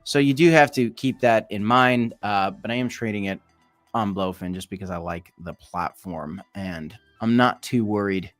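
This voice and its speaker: A man's voice: on the low side, normal speed, a bit bright, faint music behind. A young man hosting a casual crypto livestream, chatting loosely and reacting to viewer comments as he reads them out.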